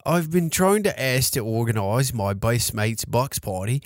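A man's voice: medium pitch, lively intonation, a little slow, no room sound, studio quality, close to an everyday voice. A man reading a fan letter aloud as an Australian mine truck driver, in a weak put-on Australian accent.

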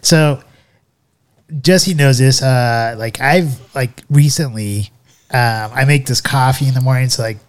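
A man co-hosting a casual podcast, telling a story in a loose, rambling way packed with fillers. His voice sits at an ordinary middle pitch. He keeps circling back as he talks. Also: measured pace. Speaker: podcast co-host. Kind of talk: casual chat.

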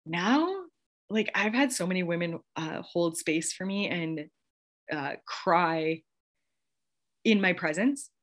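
A woman's voice: fairly low pitch, expressive, slow, long pauses. A woman in her thirties hosting a podcast, talking in a casual, gushing motivational monologue and laughing often. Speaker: podcast host.

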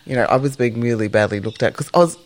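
A woman co-hosting a podcast, telling stories in a casual, animated way and swearing freely. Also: very deep voice, quick pace. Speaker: podcast co-host. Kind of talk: casual chat, storytelling.

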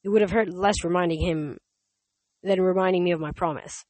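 A first-person storyteller reading at an even middle pitch, close to the mic in a dry, dead space. The telling is steady and plain, with the odd stumble and restart. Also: a little fast, no echo, rough recording. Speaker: audiobook reader.

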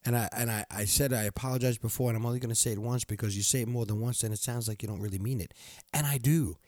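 A man's voice: mid-range voice, fairly even intonation, fast talker, no room sound. An older man hosting a motivational podcast alone, giggling often and repeating his phrases as he talks into a studio microphone. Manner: giggly, warm-hearted, repeats himself. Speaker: podcast host. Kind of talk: casual motivational monologue.

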